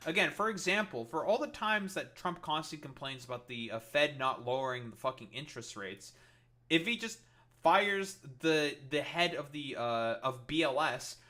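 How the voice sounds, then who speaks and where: A man streaming commentary launches into a heated, exasperated political rant, swearing constantly. His voice is on the high side, bright and forceful.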